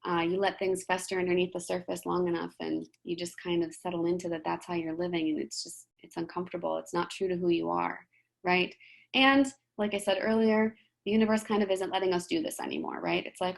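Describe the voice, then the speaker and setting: A woman giving a motivational talk in a gentle, conversational way, often checking in with "right?". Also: fairly low pitch, level tone, fairly quick, vocal fry. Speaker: presenter.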